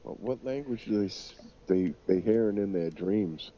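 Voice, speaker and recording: A man's voice: lowish voice, normal speed, dark tone, highs cut off. A man joking and laughing with teammates during an online game, swearing as he calls out the action. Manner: joking, laughs often, profane, calls out plays. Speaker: gamer on a co-stream. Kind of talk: casual game chat with teammates.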